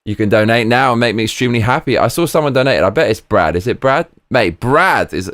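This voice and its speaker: A man hosting a live stream, commenting on footage in an excitable, slangy, chatty way. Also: mid-range voice, fairly quick, few pauses, no echo. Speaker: streamer host.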